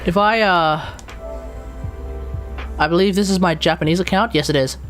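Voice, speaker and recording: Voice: mid-range voice, moderate pace, a bit bright, faint music behind. An Australian live streamer in casual chat, rambling and exasperated, with mild swearing.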